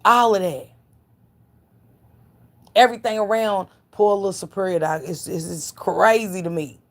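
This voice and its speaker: A woman's voice: mid-range voice, moderate pace. A woman giving blunt, profane gossip commentary to her live stream chat, preaching and calling out viewers by name.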